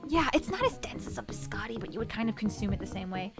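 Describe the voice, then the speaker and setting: A bubbly young woman streams, chatting casually with her chat in a high, lively voice that bounces all over. She piles up quick repeated yeahs. Music plays clearly in the background of the stream. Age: young adult. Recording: stream with music playing behind.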